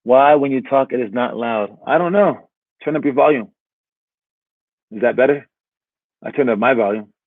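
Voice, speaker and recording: A man's voice: mid-range voice, moderate pace, pauses often, no echo. Rambling man with tinny, dry audio. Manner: rambling, repeats "all right?" often. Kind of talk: casual motivational talk.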